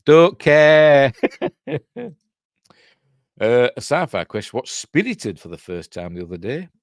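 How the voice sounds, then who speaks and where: A man's voice: medium pitch, sing-song, slow, no room sound, studio quality. A middle-aged man with a Yorkshire accent, rambling through a casual film breakdown and answering viewers' chat. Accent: Yorkshire English. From Yorkshire, England. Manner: rambling, chatty, reads and answers live chat. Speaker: host.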